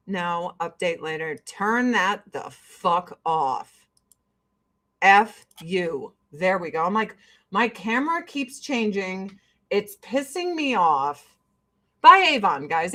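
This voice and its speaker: A woman's voice: mid-range voice, pushed and bright. A woman in her forties ranting casually and profanely to camera while getting ready. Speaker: vlogger.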